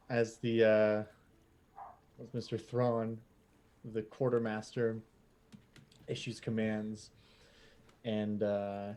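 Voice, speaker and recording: A man running a tabletop role-play game as game master, at an ordinary pitch. He narrates in a relaxed, easygoing way with plenty of fillers and pauses.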